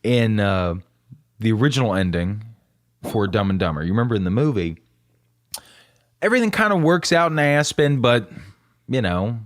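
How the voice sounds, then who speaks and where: A man's voice: moderate pace, long pauses. A man co-hosting a casual movie podcast, teasing his partner and swearing freely. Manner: lively, profane, teasing banter with swings in pitch. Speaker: podcast co-host.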